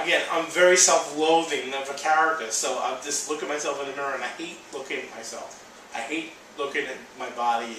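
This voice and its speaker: Man, candid video diary, emotional, restarts a lot, bright tone, distant camera mic, faint background hum. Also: fairly high pitch. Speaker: vlogger. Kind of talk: casual personal video diary. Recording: echoey room, voice from a distance.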